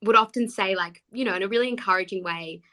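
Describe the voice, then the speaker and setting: A woman in her twenties, a guest actor chatting on a podcast and telling animated stories with frequent laughs. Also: medium pitch, fast talker. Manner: animated storyteller, laughs often. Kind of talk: casual podcast chat.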